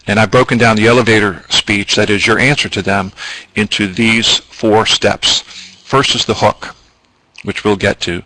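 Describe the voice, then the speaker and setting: A man's voice: lowish voice, sharp tone, no room sound, poor audio. A man presenting a business training webinar, explaining at length with ums and asides.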